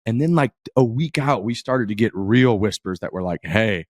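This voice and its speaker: A man co-hosting a golf podcast, telling a long story in an animated, profane way and acting out other people's lines. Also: medium pitch, moderate pace, no echo. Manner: animated, profane, quotes others in his stories. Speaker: podcast co-host. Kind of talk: casual storytelling chat.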